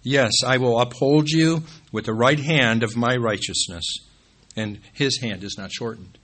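A pastor delivers an unhurried sermon in church, his tone bright and forceful. On key phrases his voice climbs to emphatic peaks, then drops low and quiet whenever he calls out the next scripture passage.

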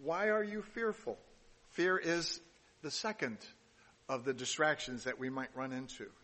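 A man's voice: medium pitch, measured pace, bright, forceful tone, long reverb tail. A man giving a sermon, reading scripture aloud and adding casual asides, with some restarts along the way. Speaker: pastor.

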